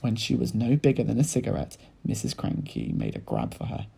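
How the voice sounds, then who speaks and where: A male teacher reading a children's book aloud in lively storytelling style, speaking to his pupils. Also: fairly low pitch, brisk, gravelly, husky, low-quality recording. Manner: animated storytelling, addressing children.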